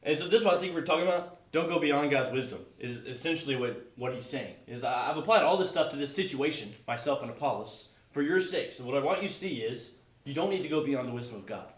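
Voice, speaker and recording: A man's voice: medium pitch, lively intonation, quick pace. Male Bible teacher, chatty and loose, heard from a distance in a roomy classroom. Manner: casual, chatty, self-correcting.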